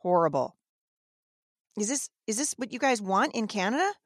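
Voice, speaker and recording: A woman's voice: medium pitch, expressive, normal speed, no room sound. Indignant woman podcast host, dry sound. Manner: emphatic and indignant, with frequent restarts. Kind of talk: opinion commentary.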